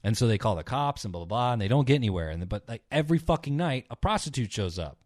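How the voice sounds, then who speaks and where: Very animated and fast-talking, a young podcast co-host with a darkish tone rambles through stories on a clean, echo-free studio recording. He swears frequently and acts out the characters in a low mutter.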